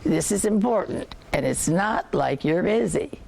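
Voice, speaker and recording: A blunt, insistent grown sister from a novel read aloud, voiced by an older woman. She sounds firm and matter-of-fact, with a gravelly edge and pitch that swings freely. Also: expressive, a little slow, darkish tone, exaggerated voice.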